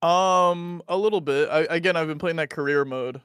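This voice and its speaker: American man, casual guest, apologetic, laughs easily, slightly high pitch. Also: normal speed, a bit bright, clean tone, no echo, studio quality. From United States. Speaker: stream guest. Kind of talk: casual chat.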